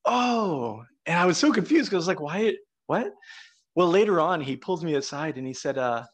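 A man's voice: a little high, sing-song, fairly quick. A middle-aged man hosting a podcast, telling stories in a loose, rambling way full of fillers. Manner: rambling storyteller, frequent uh and you know. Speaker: podcast host. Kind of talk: casual conversation.

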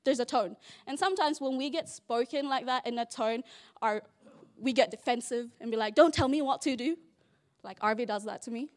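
A woman's voice: fairly high pitch, steady tone, fairly quick. A woman giving a casual, chatty Bible study talk, playful and full of "like" fillers.

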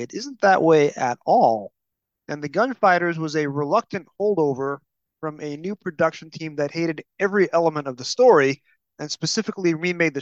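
New York male podcast host, animated and jokey, dry close mic. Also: a little high, no room sound. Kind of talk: casual podcast chat. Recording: dull, lo-fi podcast audio.

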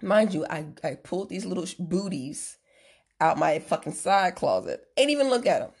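A woman host telling a story casually, animated and full of swearing, acting out what people said. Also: on the low side, moderate pace, husky. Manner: profane, animated, acts out quotes.

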